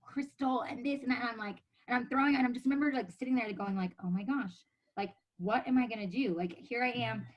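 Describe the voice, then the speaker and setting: Fast-talking animated woman. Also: a little high, highs cut off. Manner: animated, acts out quoted voices, laughs often. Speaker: podcast guest. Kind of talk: casual storytelling chat.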